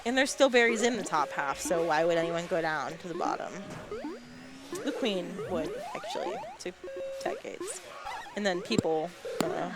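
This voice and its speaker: A woman's voice: on the low side, wildly swooping pitch, normal speed, over loud music. A woman doing casual play-by-play commentary on an arcade game, with rambling, playful asides between calls. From northern United States. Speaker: esports league commentator. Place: arcade bar.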